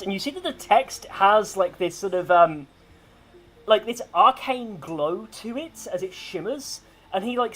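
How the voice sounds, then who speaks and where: A man's voice: high-pitched, fairly bright tone, a little hiss or hum. A man narrating a tabletop game as game master, casual and swearing freely.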